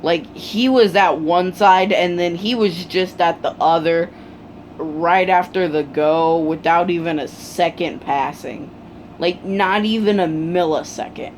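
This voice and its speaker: A storyteller casually retelling a fan story, halting often with ums and restarts. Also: mid-range voice, slight background noise, poor audio.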